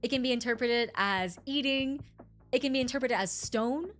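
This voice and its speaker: A woman streamer casually explaining things to her chat in an animated, rambling way, often correcting herself mid-sentence. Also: fairly high pitch, moderate pace, faint music behind.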